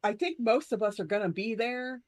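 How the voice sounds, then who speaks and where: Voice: medium pitch, a little fast, dry recording, clean studio sound. A speaker in a casual group podcast, friendly and offering tips. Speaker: podcast regular.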